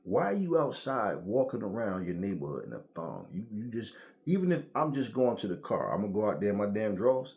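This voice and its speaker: A man with a lowish voice rants casually to his viewers. He tells stories in a loose, profane way, full of slang and lively asides. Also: quick pace. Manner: profane, animated storytelling with slang. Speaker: boxing commentator. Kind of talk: casual rant to camera.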